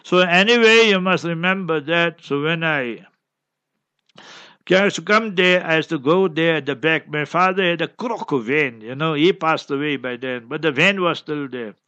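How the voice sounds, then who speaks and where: A man's voice: a little high, normal speed, sharp tone, no echo, muffled recording. A man, an imam, telling a story in a chatty Q&A talk, often adding "you know". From South Africa.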